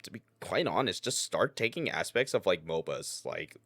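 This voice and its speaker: Animated man in halting casual chat. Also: low voice, dry recording. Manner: halting, animated, quick to laugh. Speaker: podcast co-host.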